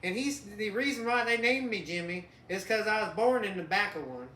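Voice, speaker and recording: Man doing a Southern good-ol'-boy mechanic, high loud twang, bright tone, echoey room. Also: lively intonation, normal speed, a little hiss or hum. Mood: folksy boastful. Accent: put-on Southern.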